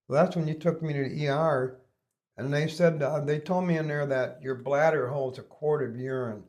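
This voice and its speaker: A man with a slightly higher voice rambles through a crude story, swearing freely. His speech is loose and conversational, full of restarts and asides. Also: moderate pace, a little mellow. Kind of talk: casual storytelling.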